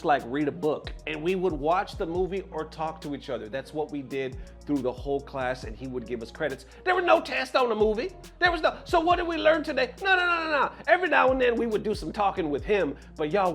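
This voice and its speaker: Animated high-voiced young man telling a story. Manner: animated, slangy, addresses viewers. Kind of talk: storytime vlog.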